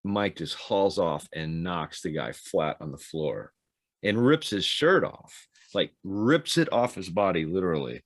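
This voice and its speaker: A man's voice: deep voice, expressive, a little slow, dry recording, clean studio sound. A man co-hosting a podcast, telling rambling anecdotes with restarts and laughs. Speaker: podcast co-host, former Navy SEAL. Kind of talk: casual storytelling chat.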